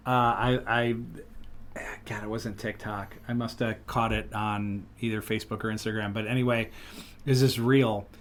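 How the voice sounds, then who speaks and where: Animated man telling stories. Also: fairly low pitch, normal speed, a little hiss or hum. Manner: animated storyteller, lively retellings. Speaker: podcast host. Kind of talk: casual chat.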